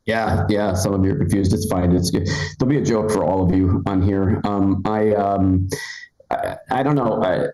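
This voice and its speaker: A man doing stand-up in a comedy club, his voice on the low side and bouncing around an echoey room. He talks in a halting way, full of ums and restarts, then jumps high and loud whenever he quotes someone. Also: fairly even intonation. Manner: rambling, halting delivery with many ums and restarts. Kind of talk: live stand-up set.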